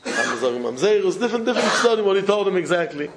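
Very animated and quick-paced, a rabbi with a high voice tells a parable in a Torah lecture, over background noise. He repeats phrases for emphasis and blends in Hebrew and Yiddish terms.

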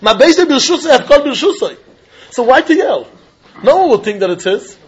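A man giving a Talmud lecture, animated and chuckling as he acts out both sides of an argument. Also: very high-pitched, a little fast, breathy edge. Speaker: Talmud teacher. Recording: dull lo-fi recording.

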